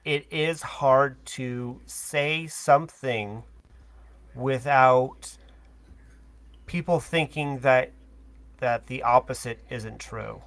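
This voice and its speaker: Slow, hesitant man on a panel. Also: medium pitch, fairly bright tone. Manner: hesitant, full of fillers. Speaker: podcast panelist. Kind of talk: casual chat.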